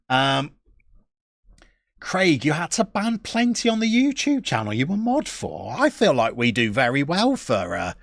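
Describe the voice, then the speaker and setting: A man with a gravelly, creaky voice chats his way through a live game stream at an unhurried pace. His pitch swings around a lot as he reads out viewer messages, and he comes across as chatty and self-deprecating. The sound is close and dry. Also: a bit bright, no echo. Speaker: Football Manager streamer.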